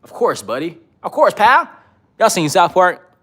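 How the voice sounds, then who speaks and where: A man's voice: high voice, huge pitch swings, measured pace, fairly bright tone, voice pushed up, exaggerated voice. A smug, condescending elite as a man puts him on speaks in a mock Canadian accent, chummy on the surface and mocking underneath. The voice sits well above the man's own register. The friendliness is plainly hollow. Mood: mock friendly. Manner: chummy, mocking, calls people buddy and pal.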